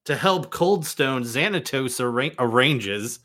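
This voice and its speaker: A man hosting a podcast with a middle-pitched voice. He moves the chat along and recaps episodes with dry, wry asides. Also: animated, measured pace, bright, forceful tone. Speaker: podcast host.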